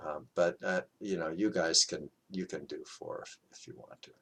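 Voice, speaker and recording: A man teaching a qigong class, talking in a reflective, halting way with many fillers and restarts. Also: sits low, fairly even intonation, gravelly, husky. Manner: gentle, chuckles at his own quotes.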